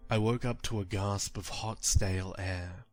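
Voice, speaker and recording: Man slowly narrating a creepy horror story, grim and measured, low voice. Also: fairly even intonation. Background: faint music.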